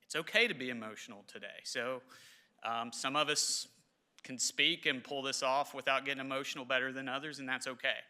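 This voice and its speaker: A man, giving a halting, emotional memorial ceremony speech in a large hall. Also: medium pitch, steady tone, sharp tone. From southern West Virginia. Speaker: government official speaker.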